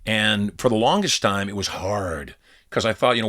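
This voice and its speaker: A middle-aged man with a low voice talks on a podcast. He tells personal stories with a steady delivery and slips into quoted dialogue as he goes. He is recorded on a studio mic. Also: moderate pace. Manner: storytelling, acts out quoted dialogue. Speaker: podcast co-host. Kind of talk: casual podcast conversation.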